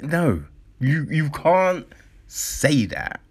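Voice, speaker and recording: Profane ranting commentator, lively pitch. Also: slow. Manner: profane and blunt, heavy slang and filler; incredulous, mocks with acted-out quotes.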